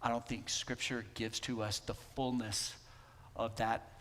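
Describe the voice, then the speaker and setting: A man preaching a sermon as pastor, talking conversationally and swinging between emphatic lines and hushed ones. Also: medium pitch, little pitch movement, a little slow, in a large hall, slight background noise. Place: church sanctuary.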